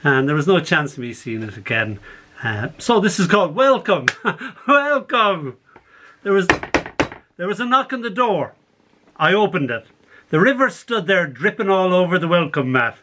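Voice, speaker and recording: An older poet reads his poems aloud and tells the stories behind them, animated and often laughing. His voice sits a touch high for a man, and he comes through a video call. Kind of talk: poetry reading with anecdotes.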